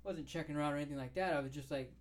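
A man's voice: fairly high pitch, racing. A middle-aged man co-hosting a podcast who talks bluntly, swears freely and repeats his words. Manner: blunt, profane, repeats himself. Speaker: podcast co-host. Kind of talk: casual chat.

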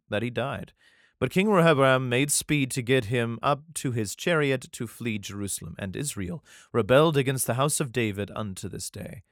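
A man's voice: medium pitch, no echo, clean studio sound. A man hosting a podcast, reading old scripture aloud and breaking off into crude, irreverent jokes. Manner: irreverent, profane asides. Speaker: podcast host.

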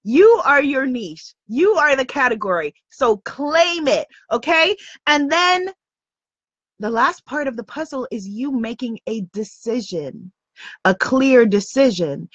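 A woman's voice: sits high, expressive, slow, breathy edge, no room sound, dull audio. A woman coach giving an emphatic, upbeat motivational lesson, repeating her key points. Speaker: spiritual business coach. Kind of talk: motivational teaching talk.

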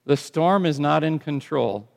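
A man preaching a sermon as pastor, swinging from hushed, slow lines to loud, emphatic ones. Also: on the high side, animated, creaky, long reverb tail.

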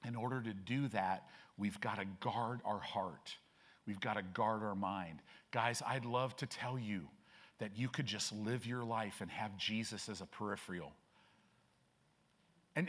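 An older man preaching a sermon in a church, in a mid-pitched voice. He talks casually through personal stories, then builds to firm, emphatic declarations. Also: fairly bright tone. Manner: conversational storytelling, rising to emphatic declarations. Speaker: pastor. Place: church sanctuary.

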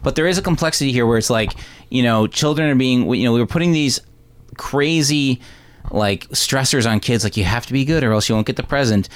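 A man's voice: medium pitch, a little fast, smooth. A man casually recapping a film with friends, acting out lines in exaggerated voices. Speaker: podcast host recapping a film. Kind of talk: casual chat.

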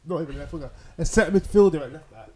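A man co-hosting a casual football podcast, relaxed and teasing. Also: fairly high pitch, quick pace. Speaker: podcast co-host.

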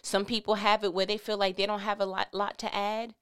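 A woman's voice: medium pitch, little pitch movement, fairly quick, fairly bright tone, clear, resonant tone. A woman giving a casual, conversational Christian talk with emphatic, repetitive phrasing. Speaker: Christian speaker.

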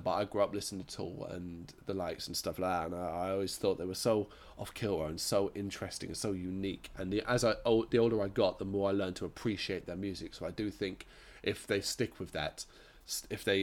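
A man hosting a rock and metal podcast in a rambling, enthusiastic monologue, with a croaky voice and frequent self-corrections. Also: sits low. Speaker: podcast host.

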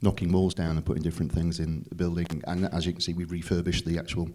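A man's voice: sits low, little pitch movement, fast talker, mellow. A man with a northern English accent, chatting easily and joking at his own expense. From northern England. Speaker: museum venue staff. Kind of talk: casual chat.

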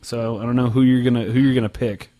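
A man's voice: medium pitch, little pitch movement, quick pace, mellow, no echo. A man co-hosting a podcast, joking and teasing his friends in casual chat. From Oklahoma. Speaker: podcast co-host.

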